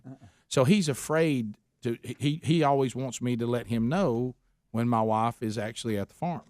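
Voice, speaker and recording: A man's voice: mid-range voice, normal speed, no echo, studio quality. A man hosting a radio talk show, telling a long story in a casual, folksy way. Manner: animated storyteller, folksy Southern phrasing, puts on a friend's voice in quotes.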